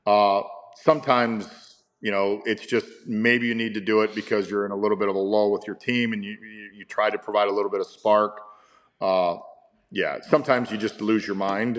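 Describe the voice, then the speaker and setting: A man's voice: lowish voice, fairly bright tone. A man in his fifties, a baseball manager, telling stories in a casual interview with rambling, stammering restarts and chuckles.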